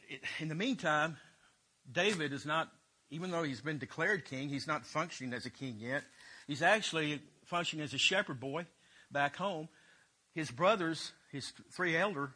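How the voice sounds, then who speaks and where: A man's voice: on the high side, pushed and bright, breathy edge. A man teaching a Bible lesson, retelling scripture in loose everyday talk.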